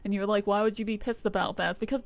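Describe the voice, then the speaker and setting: A woman's voice: mid-range voice, steady tone, rapid-fire. A young adult woman streamer chatting casually, rambling with frequent swearing and laughter. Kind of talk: casual live-stream chat.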